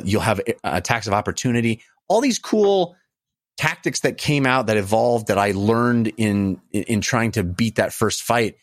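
A man's voice: fairly low pitch, no echo, studio quality. A man hosting a podcast in a casual, enthusiastic chat. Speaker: podcast host.

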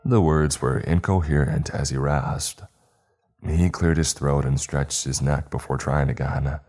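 A man reading a horror story aloud in a measured, steady narration. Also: rumbling low, soft background music.

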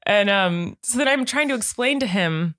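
A woman in her thirties chatting casually as a podcast co-host, telling stories about her toddler with lots of fillers, acting out quotes in a much higher voice. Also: normal speed, no room sound, clean studio sound. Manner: animated storyteller, acts out quotes in a high voice, laughs. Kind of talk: casual chat.

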